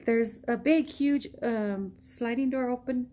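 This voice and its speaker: An American vlogger from the United States, with a voice on the high side and an unhurried pace, tells a personal story casually. She recounts it with animation, acting out the things people said.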